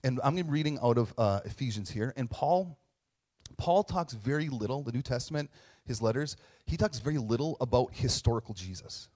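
A man's voice: mid-range voice, lively intonation, brisk, a little mellow. Middle-aged guy pastor giving a chatty sermon, easygoing, pokes fun at himself, mid-range voice. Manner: conversational, tag questions, self-deprecating humor.

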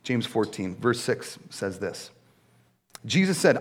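Animated male pastor preaching casually. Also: on the low side, normal speed. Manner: conversational, animated storytelling with many "right?" asides. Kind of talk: sermon.

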